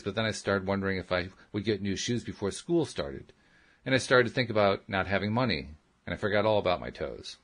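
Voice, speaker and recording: Radio host guy reading a book out loud, deep and kinda raspy, steady earnest tone. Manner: steady, earnest storytelling in the first person. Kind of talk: reading a memoir aloud.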